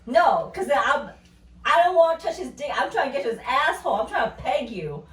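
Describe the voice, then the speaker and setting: A woman's voice: sits high, sing-song, a little fast, a bit bright. A woman in her thirties tells stories in casual chat, bluntly, with heavy swearing and constant filler words. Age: 30s. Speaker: podcast co-host. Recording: roomy echo from a distant mic with faint ambience.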